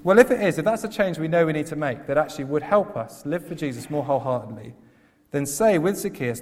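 A man's voice: fairly high pitch, expressive, brisk, a little mellow, a little hiss or hum. A man preaching a sermon in a church, earnest, repeating key phrases for emphasis. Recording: long hall reverb.

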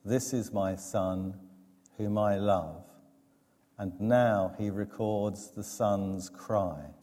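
A man preaching a sermon, measured and emphatic, with dramatic pauses. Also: on the low side, mellow. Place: church. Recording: long church reverb.

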